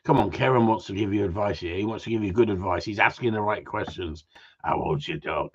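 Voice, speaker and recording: A man's voice: fairly low pitch, fast. A man hosting a casual live stream about gundogs, bantering, swearing and reading out viewer messages. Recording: dull lo-fi sound.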